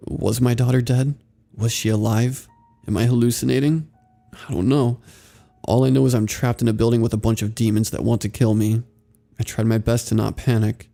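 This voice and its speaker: Male horror narrator, low and gravelly, somber scripted read. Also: normal speed, faint music behind. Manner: steady, somber storytelling.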